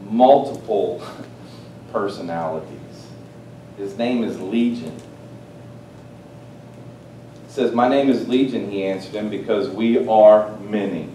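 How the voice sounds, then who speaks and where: A man preaching a sermon, swinging between loud, excited exclamations and hushed, quiet asides. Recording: roomy, distant mic with faint rumble.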